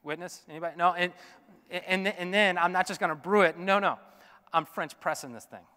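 A male pastor telling a story in a sermon, animated and chatty with lots of fillers, in a church sanctuary. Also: high-pitched, brisk, smooth, big-room sound.

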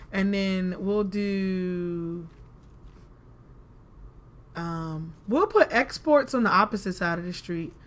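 A woman giving casual let's-play commentary, chatty and talking to herself, with frustrated exclamations. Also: medium pitch. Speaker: gaming video creator.

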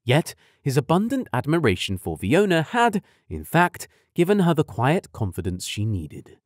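A man narrating a young adult fantasy audiobook in an expressive storytelling manner, close to a studio mic. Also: on the high side, normal speed, dry recording. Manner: expressive storytelling, voices each character.

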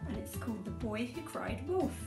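Expressive woman teacher reading a storybook. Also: on the high side, normal speed, reverberant, loud music behind the voice, poor audio. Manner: gentle, expressive read-aloud voice.

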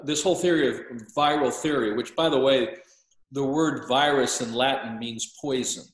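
Older man, slow-paced lecturing, halting with many ums and uhs, roomy echo. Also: medium pitch. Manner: hesitant, frequent filler sounds and restarts. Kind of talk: lecturing explanation.

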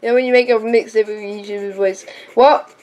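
A woman's voice: medium pitch, steady tone, quick pace, a little mellow. A woman vlogger chatting casually while she draws, silly and playful, humming and singing to herself between remarks. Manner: silly, hums and sings to herself. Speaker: drawing vlogger. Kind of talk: casual chat while drawing.

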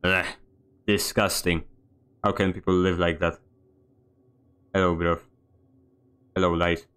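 A man's voice: low voice, level tone, takes it slowly, fairly bright tone, smooth. A man streaming a video game, giving a sarcastic, grumbling running commentary. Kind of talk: live gameplay commentary.

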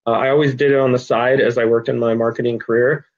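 A man's voice: medium pitch, steady tone, quick pace. Earnest middle-aged man, dull lo-fi sound. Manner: earnest storyteller, frequent ums, gets choked up. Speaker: nonprofit director, guest. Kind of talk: interview conversation.

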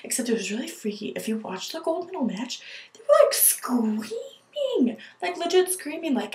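A woman's voice: on the high side, big pitch swings, normal speed, a little mellow. Chatty young woman in an echoey room. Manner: gushing, chatty, full of "like". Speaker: vlogger. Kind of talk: casual chat to camera.

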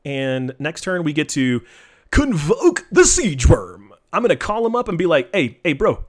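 A man casually commenting on his live-streamed card game, joking and teasing in an animated way. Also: a little high, unhurried. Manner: animated, joking, trash-talking.

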